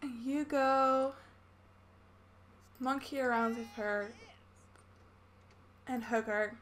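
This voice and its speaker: Speaking extremely slowly in a steady, slightly high and somewhat bright voice, a woman from the Netherlands gives chatty Let's Play commentary while playing a life-sim game. This YouTuber narrates each of her own actions, and there's slight background noise.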